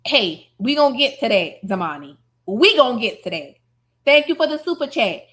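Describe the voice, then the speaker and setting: A woman streamer giving sassy, mocking reaction commentary, heavy on slang and loud laughter. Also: fairly high pitch, very animated, normal speed.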